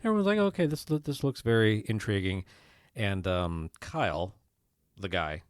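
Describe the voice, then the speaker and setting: A man co-hosting a podcast, chatting casually and stumbling through excited restarts as he tells a story. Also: deep voice, unhurried, clear, resonant tone, dry recording, clean studio sound. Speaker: podcast co-host. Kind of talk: casual chat.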